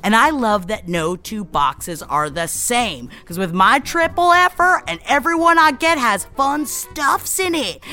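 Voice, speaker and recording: Woman, podcast co-host, playful, jokey, bright voice, lively pitch. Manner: playful, jokey, quick to laugh. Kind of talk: casual chat and read ad.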